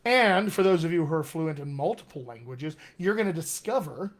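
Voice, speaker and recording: A man's voice: fairly high pitch, expressive. A man teaching as a dialect coach on a live video stream, talking conversationally, often checking in with "all right?" and calling viewers his friends. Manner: slows down to stress key words. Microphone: webcam or computer mic on a live video stream.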